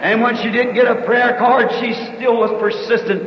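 A man preaching a sermon, telling a story in a folksy way and rising into shouted preaching. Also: very high voice, fairly even intonation, normal speed. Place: large meeting hall. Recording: echoey hall, dull old tape.

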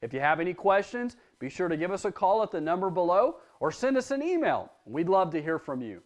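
Animated man preaching to children. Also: high-pitched, a little fast. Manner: lively storytelling, addressing children directly; prays aloud. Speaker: children's church leader. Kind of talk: children's sermon.

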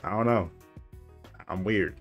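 A man's voice: lowish voice, a little slow, highs cut off. A young man hosting a music video reaction, talking loosely and rambling with lots of filler words. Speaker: reaction channel host.

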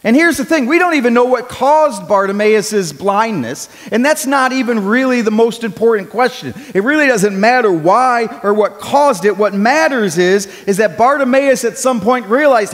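Male pastor, conversational sermon delivery with loud dramatic peaks, high voice, echoing church hall. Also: lively intonation, a little slow. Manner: conversational preaching, rising to loud when acting out cries. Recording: long hall reverb.

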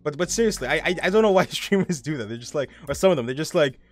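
A man's voice: fairly high pitch, expressive, racing, soft background music. A young man streaming a game live, rambling casually, reading chat aloud and swearing often.

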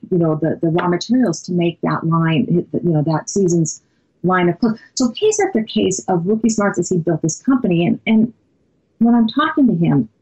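Husky, low woman guest, lively conversational storyteller. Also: highs cut off. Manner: animated, many "you know" fillers. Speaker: podcast guest, author.

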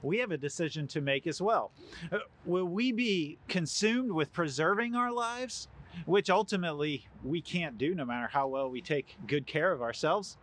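Male pastor, sermon delivery, animated storyteller, lively pitch swings. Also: moderate pace. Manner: animated storytelling, acts out quoted lines.

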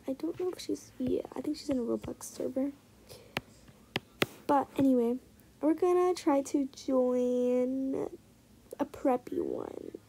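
A young woman giving casual, excitable commentary while trading in a game, often dropping into muttered asides. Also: high-pitched, a little hiss or hum, low-quality recording. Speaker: gaming vlogger.

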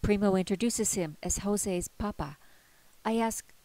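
A woman reading aloud her own memoir story in a quiet, hushed manner that often sinks toward a whisper. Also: medium pitch, unhurried, dry recording, rough recording.

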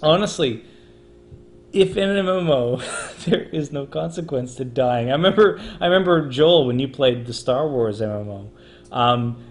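A man co-hosting a casual gaming chat, halting and restarting as he talks, with many "like"s. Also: mid-range voice. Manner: halting, lots of "like" and restarts, laughs through lines. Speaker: show host.

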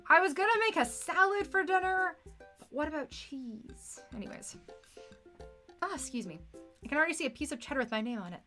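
A woman's voice: on the high side, sharp tone. A young woman streaming a game, chatting casually and reading its text aloud, playful and fond of puns, rambling about food.

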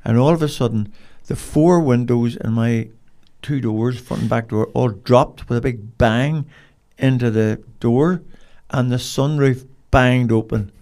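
A man's voice: mid-range voice, a little slow, few pauses, mellow. An older man, a podcast guest telling rambling, colloquial stories in a casual interview. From Cork, Ireland.

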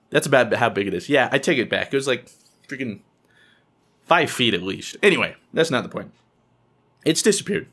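A young man telling a funny story to camera in an excitable, animated way, often squealing in high voices when he quotes people. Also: fairly quick, pauses often, husky.

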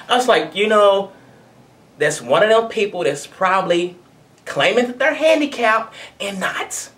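Blunt, animated woman ranting. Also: mid-range voice, a little slow. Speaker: video blogger. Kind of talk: commentary rant to camera.

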